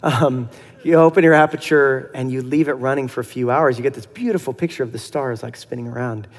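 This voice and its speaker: A middle-aged man preaching a sermon in a relaxed, conversational way, acting out dialogue and laughing softly now and then. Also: mid-range voice, a little fast, long reverb tail. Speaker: pastor.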